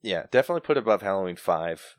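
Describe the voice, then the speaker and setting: A man hosting a casual podcast from his house, jokey and animated, laughing often. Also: low-pitched, fast, no echo, studio quality. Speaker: podcast host. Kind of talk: casual chat.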